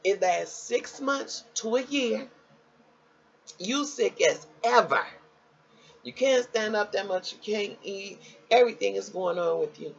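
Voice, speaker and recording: A woman telling viewers a personal health story in a casual, animated way, talking straight to them. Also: unhurried, gravelly, slightly rough, dull audio. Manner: animated, jumps high when quoting others; conversational, addresses viewers as y'all.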